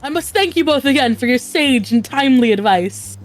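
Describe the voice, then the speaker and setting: A woman reading out a humble male artisan's lines from a game, plainly and a bit haltingly. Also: high voice, lively intonation, faint music behind. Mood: earnest. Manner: read aloud haltingly, plain without accents.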